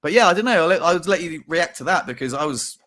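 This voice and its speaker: Young male co-host, casual storyteller, animated delivery, slightly higher voice, swears freely. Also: fast. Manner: animated, acts out quotes with big pitch jumps. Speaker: podcast co-host.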